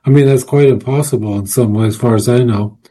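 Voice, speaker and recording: Mellow-voiced man telling a rambling story. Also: mid-range voice, fast talker. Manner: rambling, with many fillers and restarts. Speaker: guest, paranormal researcher and author. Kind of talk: casual storytelling interview.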